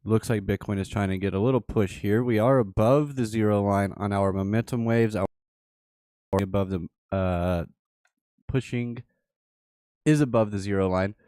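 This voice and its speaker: A man hosts a livestream, offering casual live commentary on charts and thinking aloud with repeated phrases. His voice is fairly low, a little mellow, clear, and resonant at a moderate pace, recorded in studio quality with no echo.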